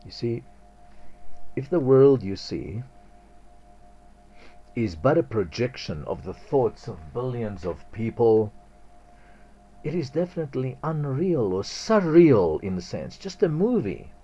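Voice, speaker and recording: A man's voice: mid-range voice, very animated, slow, long pauses, mellow, highs cut off, soft background music. A man hosting a spiritual radio talk, reflective and chuckling often.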